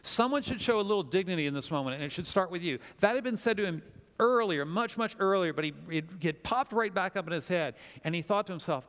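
A man preaching a sermon as pastor, telling a story with lively acted-out quotes. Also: a little high, quick pace, in a large hall.

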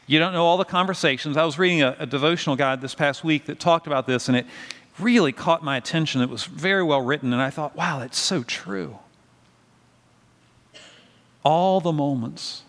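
Slightly high-voiced man preaching in a reverberant hall. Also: fast, a bit bright. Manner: conversational storytelling with questions to the congregation. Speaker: pastor. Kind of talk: sermon.

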